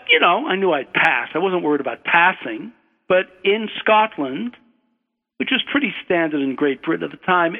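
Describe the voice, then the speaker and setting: An older man with an American accent tells a digressive personal story at an unhurried pace, often backing up to correct himself. His voice sits somewhat high. The sound is narrow and phone-like, with a long, echoing reverb. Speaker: storyteller, guest. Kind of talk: personal anecdote on radio. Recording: tinny phone-like radio line with long hall reverb.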